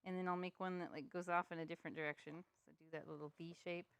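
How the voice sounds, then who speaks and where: A woman's voice: on the low side, level tone, quick pace, smooth, no echo. A woman giving a step-by-step painting tutorial, chatty, playful and self-deprecating as she works. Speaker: painting instructor. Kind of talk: step-by-step live art tutorial.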